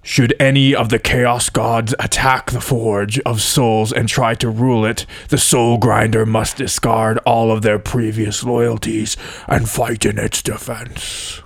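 A man reading demon oaths aloud in a put-on demon voice, slow and solemn. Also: medium pitch, little pitch movement, dry recording, clean studio sound. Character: grim demon oath-reader, male.

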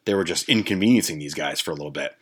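A man's voice: a bass voice, racing, slightly rough. A man hosting a podcast, telling a long rambling story with lots of swearing, restarts and fillers. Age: adult with a grandmother. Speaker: podcast host. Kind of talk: casual storytelling rant.

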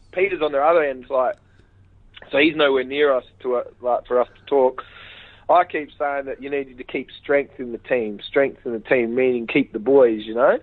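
A man guest in a casual phone interview, retelling events in a rambling, animated way and acting out what others said. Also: mid-range voice, moderate pace, dry recording. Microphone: phone call. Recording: tinny phone line, dry.

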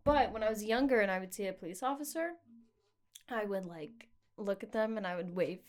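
Young adult woman, talkative, quick asides, casual chat. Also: medium pitch. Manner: chatty, laughs often, quick asides.

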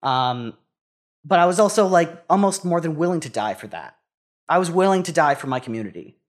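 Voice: medium pitch, sing-song, a little fast. A young adult talking in a casual conversation, hesitant and full of restarts. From United States. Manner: hesitant, many restarts and fillers.

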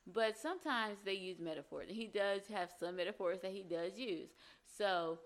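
A woman's voice: medium pitch, normal speed. A woman giving conversational relationship advice, often acting out short example dialogues. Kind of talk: advice talk to camera.

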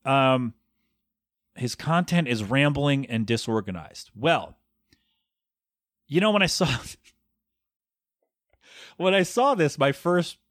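A man's voice: mid-range voice, very animated, takes it slowly, pauses often, fairly bright tone, no echo, studio quality. Sarcastic thirty-something man ranting on a podcast. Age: 30s. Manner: sarcastic, rambling, mock-professional. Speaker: podcast host. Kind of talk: casual solo podcast rant. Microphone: podcast microphone.

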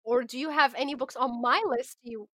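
Bright-voiced young woman podcast host. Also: high-pitched, fairly even intonation, a little fast, no room sound, studio quality. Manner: playful, laughs often. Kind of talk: casual book podcast chat.

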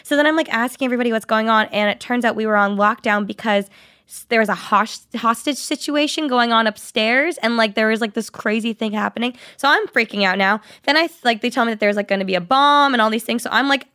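A young woman in her twenties, a podcast co-host, telling a story in casual chat, animated and filled with "like" fillers. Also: fairly high pitch, a little fast, clean tone, no room sound, clean studio sound.

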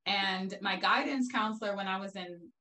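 A woman from Brooklyn, New York, a guest telling personal stories in a casual interview, lively and quick to laugh. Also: medium pitch, rough recording. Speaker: guest, entrepreneur.

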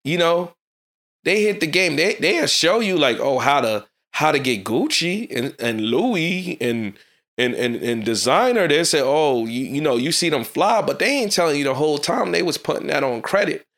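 A man hosting his own podcast, giving a fast, fired-up motivational talk in a casual street style. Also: fairly high pitch, very animated, a bit bright. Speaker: podcast host.

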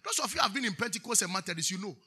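A man's voice: high voice, sing-song, racing, sharp tone, husky. A Ghanaian man preaching a sermon, preaching emphatically, drawing answers from the congregation with questions and switching between English and Twi. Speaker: pastor.

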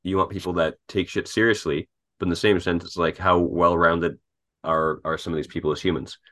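Deep-voiced blunt joking man. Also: steady tone, a little fast, sharp tone. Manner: blunt, joking, swears casually. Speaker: tennis coach, podcast co-host. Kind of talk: casual chat.

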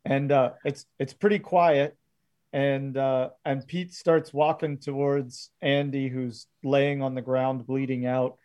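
Male game master, slow and mellow, narrating with lots of uh's. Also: mid-range voice, flat delivery. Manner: halting, filler-heavy narration.

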